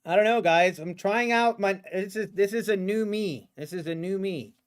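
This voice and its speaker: A man's voice: high-pitched, moderate pace, clear, resonant tone. A man streaming his day trading live, chatting casually and talking to the market in a playful, sarcastic way, laughing often. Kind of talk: casual livestream commentary.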